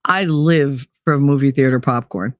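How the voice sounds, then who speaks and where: Hosting a live stream, this New Jersey-accented woman has a bass voice and an unhurried pace as she chats casually and reads viewer comments with lots of animated, emphatic inflection. The recording is dry and studio quality.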